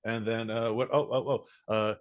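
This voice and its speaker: A man's voice: mid-range voice, level tone. A man from the United States co-hosting a podcast in easygoing casual chat, hesitant, with many fillers. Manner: easygoing, hesitant, lots of fillers and quick reactions. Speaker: podcast co-host.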